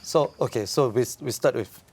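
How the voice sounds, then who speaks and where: A man, an expert guest explaining politics in a measured, analytical way with frequent fillers. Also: mid-range voice, vocal fry, a little mellow, husky. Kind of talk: explanatory interview talk.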